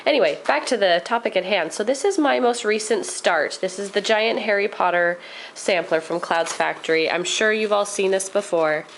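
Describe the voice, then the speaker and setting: A woman's voice: medium pitch, moderate pace, a little hiss or hum, poor audio. A woman vlogger chatting casually as she shows her craft project, rambling a little with frequent ums. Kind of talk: casual show-and-tell.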